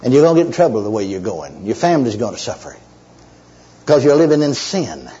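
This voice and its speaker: A man's voice: mid-range voice, very animated, a little fast, warm tone, breathy edge. A man preaching and telling a story in an emotional, emphatic way, repeating himself and restarting phrases. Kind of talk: sermon storytelling. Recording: dull lo-fi recording.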